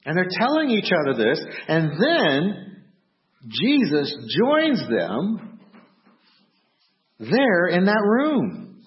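A male preacher works slowly through his sermon, his voice rising and falling with lively expression. He slips into playful reenactments now and then. The recording has a dull, muffled quality. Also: sits high. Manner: animated storytelling, acts out startled shouts. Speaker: pastor.

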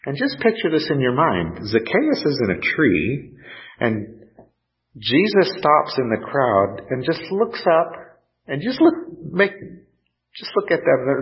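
A man preaching a sermon, earnest and pausing, lifting his voice when he quotes scripture. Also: medium pitch. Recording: dull lo-fi sound.

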